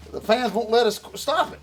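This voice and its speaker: Southern man, co-host, folksy banter, a bit winded, slightly higher voice, faint background noise. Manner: folksy, calls partner "boy" and "Bullet" constantly. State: out of breath. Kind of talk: casual chat.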